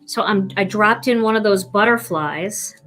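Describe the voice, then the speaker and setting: With faint music behind her, a woman teaches card stamping live, her medium-pitched voice fairly bright and a little slow. She chats playfully with viewers while working through each step.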